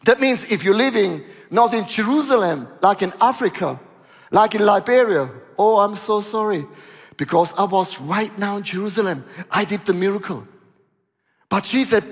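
High-voiced pastor preaching in a hall. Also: male voice. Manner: animated storytelling, with dramatic pauses. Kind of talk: sermon.

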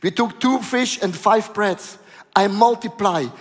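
A man voicing a calm, patient male teacher figure who explains steadily. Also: sits high, a little slow, big-room sound.

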